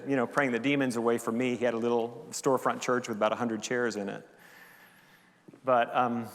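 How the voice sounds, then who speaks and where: Older male pastor sharing a candid testimony. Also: mid-range voice. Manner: candid storytelling, confessional and heartfelt. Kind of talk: sermon with personal testimony. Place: church sanctuary. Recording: long hall reverb.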